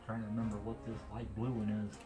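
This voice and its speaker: A man's voice: lowish voice, level tone, fast talker, rough recording. A man with a Missouri accent chatting casually in a video log, rambling and chuckling often. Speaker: vlogger. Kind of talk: casual chat. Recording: guitar music playing behind.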